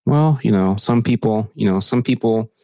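Profane, animated man chatting. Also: lowish voice, normal speed, no echo. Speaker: podcast co-host. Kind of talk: casual chat.

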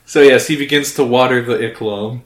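A man's voice: mid-range voice, fairly even intonation, a little fast, heavy background noise. A man runs a tabletop game, narrating scenes and voicing bits with a playful, laughing manner. His voice sits in the middle range and carries a roomy echo. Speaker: game master.

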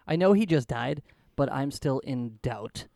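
A man's voice: mid-range voice, expressive, a little slow, vocal fry, mellow, no echo, studio quality. A man co-hosting a comedy podcast, teasing and laughing often. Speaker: podcast co-host. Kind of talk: casual comedic podcast banter.

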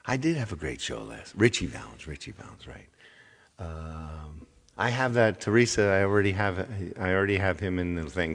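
Deep-voiced chatty male livestream host. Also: animated, moderate pace. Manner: chatty, scolding viewers with mock sternness, many restarts. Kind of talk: casual livestream chat to viewers.

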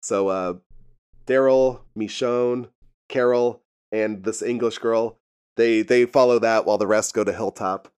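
A man's voice: lowish voice, fairly even intonation, unhurried, darkish tone, smooth. A man casually recapping a TV episode, rambling and laughing often, with frequent profanity. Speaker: podcast host recapping a TV episode. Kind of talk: casual chat.

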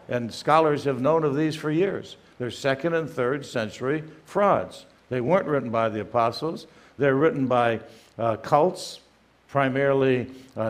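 An older man giving a firm, emphatic lecture as a guest speaker, often pausing with "uh" between phrases. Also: medium pitch. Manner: emphatic, many "uh" fillers, reads quotations aloud. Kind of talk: apologetics lecture.

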